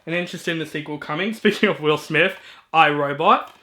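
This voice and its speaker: Bright, high-voiced enthusiastic man. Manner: chatty and enthusiastic, with filler ums and quick asides. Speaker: movie reviewer. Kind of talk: casual collection walkthrough.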